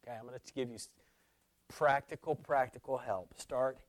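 A man preaching a sermon, moving from loud emphatic declarations to hushed, near-whispered lines. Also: medium pitch, fairly even intonation, moderate pace, dry recording.

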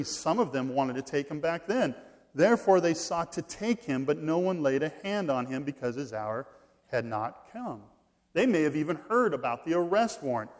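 Man preaching a sermon, swinging loud and soft. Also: a little high. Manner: reads scripture slowly, swings from loud stress to quiet asides. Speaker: pastor.

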